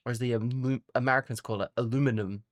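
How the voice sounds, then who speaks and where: A woman streamer chatting casually with her viewers from home, rambling, animated and sweary. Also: rumbling low, fast, no room sound, studio quality. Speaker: VTuber streamer. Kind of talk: casual chat with live chat viewers.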